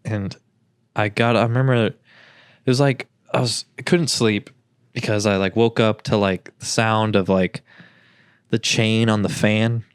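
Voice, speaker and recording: A man's voice: lowish voice, fairly even intonation, unhurried, clear, resonant tone, no room sound, clean studio sound. A young man co-hosting a podcast, telling childhood stories in a rambling, casual way and acting out quotes in a raised voice. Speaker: podcast co-host. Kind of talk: casual chat.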